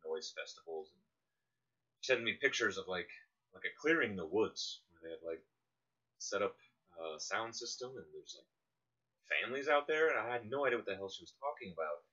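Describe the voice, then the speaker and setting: Co-host, male, lower pitch, lively storyteller, dull lo-fi radio sound. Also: a little fast. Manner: animated storyteller, laughs often. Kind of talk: casual anecdote telling. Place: small one-room apartment.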